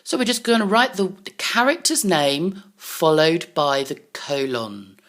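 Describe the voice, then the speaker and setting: Low-voiced woman teaching children. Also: animated, measured pace. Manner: warm, encouraging teacher talk to young pupils. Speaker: primary school teacher. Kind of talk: recorded online lesson for children.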